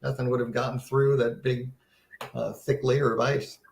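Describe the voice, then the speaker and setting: A man presents a casual seminar live, his voice sitting at an ordinary middle pitch. He talks earnestly and with a sense of wonder, restarting phrases as he goes. The room around him rings noticeably. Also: flat delivery, moderate pace, vocal fry, roomy sound. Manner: earnest, wondering, conversational teaching with frequent restarts. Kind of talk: casual live-stream Bible seminar talk.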